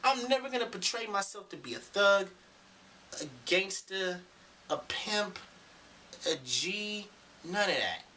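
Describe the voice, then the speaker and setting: A man's voice: high-pitched, animated, slow, pauses often, sharp tone, far from the mic, a little hiss or hum. A young man ranting emphatically to his camera in a preachy, profane vlog monologue. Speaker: vlogger. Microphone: camera mic.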